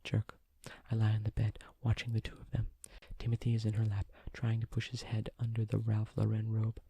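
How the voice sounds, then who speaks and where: A man reading a novel aloud as a whispered role-play, in a hushed, even manner. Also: lowish voice, brisk, creaky, slightly rough, no echo. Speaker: audiobook reader.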